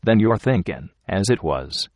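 A practical, doubting frontier traveler, as a man voices him, blunt and plain in his backwoods speech. The voice is low and the recording dry and close. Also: very animated, a little slow, a little mellow, dry recording, heavily acted.

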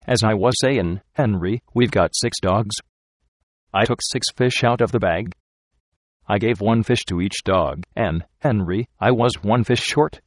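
A man voicing a weary, uneasy frontier trail driver who talks in rough backwoods dialect, grave and insistent. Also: on the low side, measured pace, dry recording, studio quality.

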